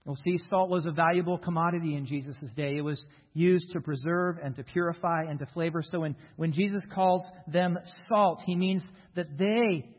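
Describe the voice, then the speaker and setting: A man's voice: on the high side, fairly even intonation. An American man, a pastor, preaching a sermon earnestly and emphatically, leaning on key words, in a church sanctuary. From United States. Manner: earnest, emphatic preaching with slow stressed phrases. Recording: reverberant hall, dull lo-fi sound.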